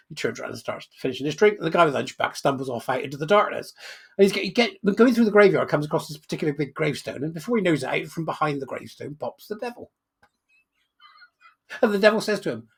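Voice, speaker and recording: A man with a gravelly voice telling crude jokes in a rambling, mocking comic monologue. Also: fairly high pitch, animated, quick pace, fairly bright tone. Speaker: commentator.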